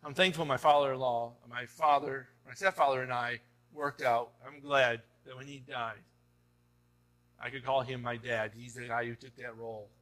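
A man's voice: mid-range voice, steady tone, normal speed, sharp tone. A man preaching a sermon as pastor, talking to the congregation in a conversational way and often tossing in "right?" before building to emphatic urging. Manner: rising to emphatic exhortation.

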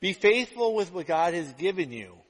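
A male pastor preaching a sermon, telling stories with lively acted-out quotes. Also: high voice, moderate pace. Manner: animated storytelling, acts out quotes. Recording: long hall reverb.

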